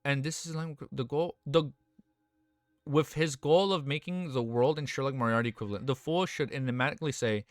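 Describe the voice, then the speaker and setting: A man casually reading a web novel aloud and breaking off into excited, slangy reactions. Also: medium pitch, brisk, dry recording, faint music behind.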